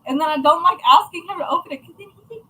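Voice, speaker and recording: A woman's voice: extremely high pitch, very fast, pushed and bright, rough recording. A woman chatting casually on a livestream about her craft shop, chatty, profane and self-mocking.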